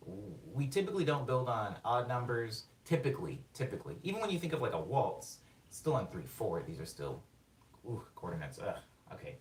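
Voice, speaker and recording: A man's voice: medium pitch, a little fast. Rambling man live-streaming music production. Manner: rambling, excitable, self-interrupting, sings words on the beat. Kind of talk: casual live-stream explanation. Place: home studio during a live production stream. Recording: roomy room sound, mic at a distance, faint music.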